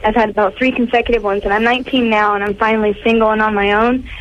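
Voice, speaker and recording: A nineteen-year-old woman calls in to a radio show, rambling quickly and nervously. Her voice comes through a dull, muffled phone line. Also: mid-range voice, level tone. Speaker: caller. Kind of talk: phone-in call.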